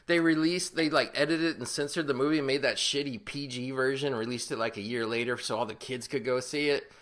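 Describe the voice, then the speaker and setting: A man's voice: mid-range voice, steady tone, brisk, a bit bright. A man co-hosting a podcast, giving a profane, rambling movie recap and laughing often. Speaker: podcast co-host. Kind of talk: casual movie review chat.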